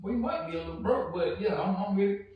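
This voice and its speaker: A laid-back man co-hosting a podcast, his voice sitting a little on the high side. He talks easily, often backing up his partner. The room around him is very echoey, and he sounds distant from the mic. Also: brisk, highs cut off. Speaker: podcast co-host. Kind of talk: casual chat.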